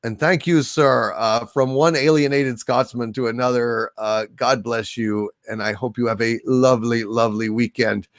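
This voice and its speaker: A man hosting a casual livestream, thanking viewers by name in a soft, halting way. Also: mid-range voice, fairly even intonation, dry recording, clean studio sound. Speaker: livestream host. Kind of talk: casual livestream chat, reading viewer donations.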